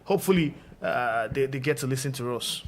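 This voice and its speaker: A man's voice: medium pitch, a little fast, a little hiss or hum. A man from Nigeria giving football commentary on a live watch-along, hesitant, with many filler sounds. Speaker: football pundit.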